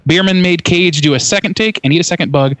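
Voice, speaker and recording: A man's voice: sits high, quick pace, a bit bright, no room sound. A young man in a casual podcast chat about a film, reading trivia aloud and swearing now and then. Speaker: podcast co-host. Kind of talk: casual movie-review chat.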